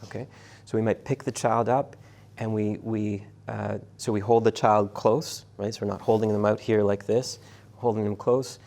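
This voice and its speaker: Gravelly-voiced male lecturer, halting and casual. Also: on the low side, flat delivery, a little mellow. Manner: halting, many restarts and fillers, conversational. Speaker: university lecturer. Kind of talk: classroom lecture with questions to students.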